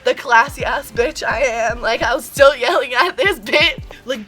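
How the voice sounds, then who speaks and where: A woman's voice: on the high side, moderate pace, hardly any pauses, bright, forceful tone, soft background music. A teenage girl telling a storytime vlog in a sassy, profane, ranting way. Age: teens. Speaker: vlogger.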